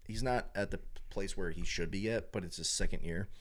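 A young man chatting casually as a sports fan, rambling with lots of filler words and getting animated when he acts out fans and announcers. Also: low-pitched, brisk. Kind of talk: casual chat.

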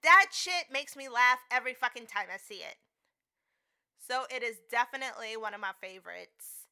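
A woman co-hosting a podcast in casual chat, profane and emphatic. Her voice is smooth and bright and sits fairly high. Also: expressive, normal speed. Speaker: podcast co-host.

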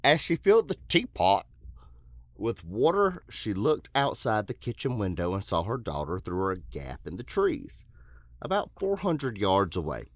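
Male podcast host, deep voice, casual true-crime narrator who jokes between passages. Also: wildly swooping pitch, unhurried, no room sound. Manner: joking asides, puts on silly voices for quotes. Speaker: podcast host telling a case.

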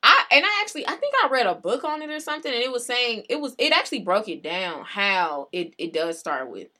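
A young adult woman co-hosting a podcast, arguing in casual chat with an animated, insistent manner and frequent laughs. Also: on the high side, a little fast. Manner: animated, argumentative, laughs often. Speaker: podcast co-host.

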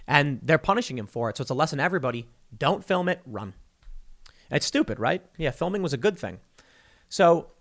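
A young adult man giving an opinionated commentary monologue, acting out imagined dialogues in quick quoted voices. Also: medium pitch, fairly bright tone. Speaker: political commentary host.

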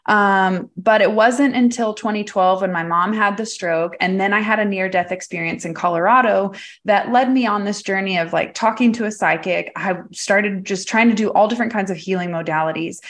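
A woman's voice: mid-range voice, moderate pace, few pauses, fairly bright tone. A woman from Texas telling her story as an interview guest, in a casual, candid way, full of "like" and easy laughs, with the odd swear word. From Texas, USA. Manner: chatty, filler-heavy, frequent laughs; candid, uses swear words freely. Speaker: guest, psychic medium.

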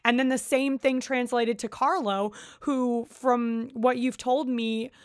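Woman host, fairly high voice, thoughtful, dry close recording. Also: fairly even intonation, slow, smooth, dry recording. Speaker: interviewer. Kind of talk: conversational questioning.

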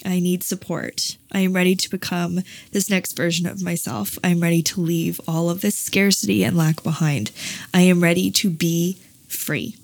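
A woman's voice: fairly low pitch, fairly even intonation, normal speed, creaky, darkish tone, no room sound. A woman co-hosting a podcast, speaking candidly and confessionally, often reading aloud from her journal. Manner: open, confessional, with many "like" fillers. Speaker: podcast co-host.

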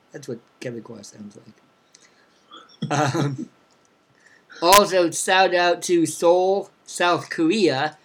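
A young man with a slightly raised pitch chats casually on a podcast. He sounds upbeat as he runs through listener cities and tosses out shout-outs to fans. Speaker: podcast co-host. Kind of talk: casual chat.

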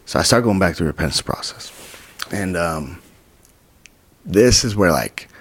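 A young man in his twenties from Utah, telling his story as a podcast guest, acting out quotes with whispers and sudden high bursts. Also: lively intonation, moderate pace. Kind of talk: storytelling in casual interview.

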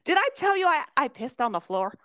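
A woman's voice: high voice, very animated, a little fast, a bit bright, no echo. A woman in her forties from Southern California, co-hosting a podcast and telling candid, profane stories in casual chat. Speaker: podcast co-host.

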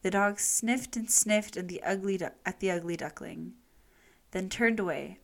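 A woman reading a children's story aloud, expressive and unhurried. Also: mid-range voice.

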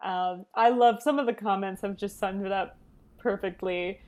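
A woman co-hosting a casual chat, chatty and quick to laugh. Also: medium pitch, steady tone, darkish tone. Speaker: podcast co-host.

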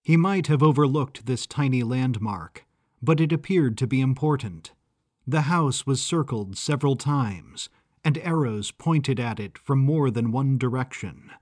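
A man narrating his own scripted audio story in a calm, even manner. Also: mid-range voice, a little slow, no echo, studio quality. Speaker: author and narrator.

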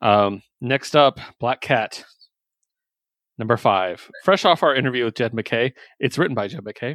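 A man casually hosting a podcast and recapping comics with eager, rambling enthusiasm. His voice sits at an ordinary middle pitch. The sound is close and dry, with no room around it. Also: normal speed, a bit bright, no room sound. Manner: enthusiastic, loose recapping with fillers and swearing. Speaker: podcast host reviewing comics. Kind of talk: casual chat.

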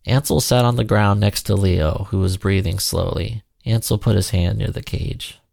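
Gravelly man narrating a storybook. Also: lowish voice, moderate pace, a little mellow, dry recording, studio quality.

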